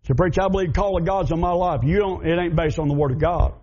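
A man with a Southern American accent preaching a fervent sermon, emphatic and building up to shouts. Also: a little high, fast talker, highs cut off.

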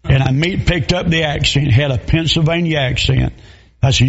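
A pastor, preaching a sermon in a folksy storytelling way with plain dialect grammar. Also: male voice, mid-range voice, moderate pace, creaky, slightly rough, dull audio. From Southern US.

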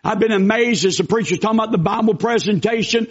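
Man, pastor, preaching, high voice, earnest storytelling, emphatic bursts, muffled recording. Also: fast, breathy edge. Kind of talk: sermon.

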